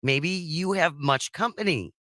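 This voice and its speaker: A man's voice: a little high, a little slow, no room sound, studio quality. A man hosting a radio talk show, teasing his co-host and taking callers. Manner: teasing, lively. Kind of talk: casual radio banter.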